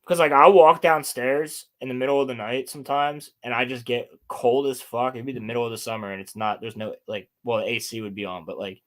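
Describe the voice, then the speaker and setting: A young man hosting a casual podcast chat, telling animated stories and swearing often. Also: medium pitch, brisk, hardly any pauses. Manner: animated storytelling, heavy swearing. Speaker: podcast host.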